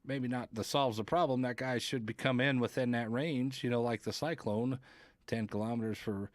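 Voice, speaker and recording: A man's voice: mid-range voice, steady tone, normal speed, no echo. A man hosting a podcast, rambling through casual gaming talk, reading viewer comments and swearing now and then. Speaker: podcast host.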